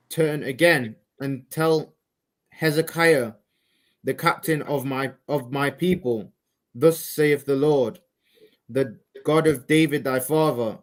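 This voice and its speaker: A man reading King James scripture aloud in a measured, steady way during a Bible class. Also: medium pitch, poor audio. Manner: measured, steady reading of old-style verse. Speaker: scripture reader.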